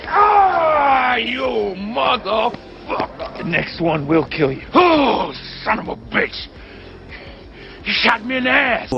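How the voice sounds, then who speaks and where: Raspy, high-pitched cursing mummy creature put on by a man, animated shrieks, noisy lo-fi sound. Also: takes it slowly, heavily acted. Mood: pained fury. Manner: yelping, cursing in pain. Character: shrieking wounded male mummy, furious and cursing.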